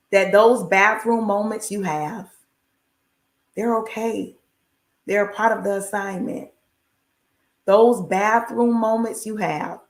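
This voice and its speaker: A woman's voice: medium pitch, echoey room. A woman giving an encouraging faith talk on a livestream, emphatic and repetitive, with a preacher-like cadence and folksy asides. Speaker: inspirational speaker.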